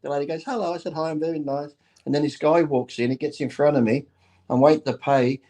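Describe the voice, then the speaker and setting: A man's voice: on the high side, steady tone, fast talker, dark tone. A man in his fifties with an Australian accent, telling rambling stories on a casual talk show, swearing and laughing through them. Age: 50s. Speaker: bodybuilder guest on a talk show. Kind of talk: casual storytelling.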